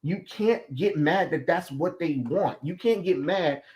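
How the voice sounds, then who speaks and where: Man ranting bluntly, fairly high voice. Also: unhurried, a little mellow. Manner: heated, blunt ranting with profanity. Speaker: stream host. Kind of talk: casual chat.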